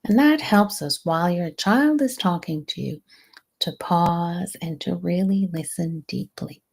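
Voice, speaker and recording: Woman coach talking real slow, low gravelly voice, calm guiding tone, some words kinda breathed out. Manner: slow, soothing, guiding delivery with softly breathed phrases. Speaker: stress management coach and host. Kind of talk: live coaching talk.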